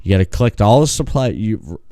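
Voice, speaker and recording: A man co-hosting a podcast, ranting in a profane, animated way and acting out quotes in a raised voice. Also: fairly low pitch, fairly quick, no echo, clean studio sound. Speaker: podcast co-host. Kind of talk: casual podcast chat.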